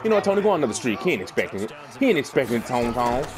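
A man's voice: medium pitch, very animated, racing, hardly any pauses, crowd noise. Hyped young man trash-talking over a game. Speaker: gaming YouTuber. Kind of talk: live gameplay commentary.

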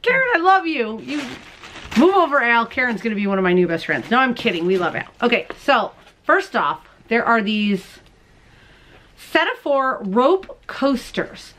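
A woman with a fairly high, bright-toned voice chats casually to her camera at home, gushing over each gift she opens. She laughs easily and talks like a friend showing off her mail, with a faint hiss behind her. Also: big pitch swings, moderate pace. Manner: bubbly and gushing, laughs often. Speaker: crochet and knitting podcast host.

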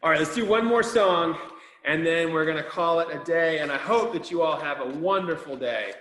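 A man as school chaplain, giving a lively chapel talk to children and acting out the quotes. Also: on the high side, moderate pace. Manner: lively storytelling for kids, acts out quotes. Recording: roomy echo.

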